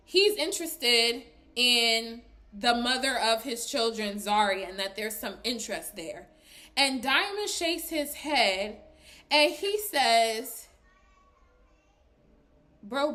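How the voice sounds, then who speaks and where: A woman giving a casual, chatty recap of a reality show, animated and full of fillers, often breaking into laughs. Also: a little high. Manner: laughs while talking. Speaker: recap vlogger.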